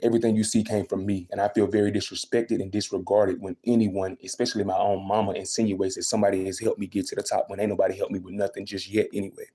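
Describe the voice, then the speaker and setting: A man's voice: on the low side, flat delivery, quick pace, few pauses, dark tone. A young man venting emphatically and repeating himself on a casual livestream. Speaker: livestreaming vlogger.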